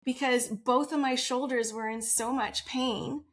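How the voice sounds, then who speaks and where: A woman's voice: sits high, steady tone, measured pace. A woman guest on a podcast interview, telling her personal story in an open, earnest way and laughing often.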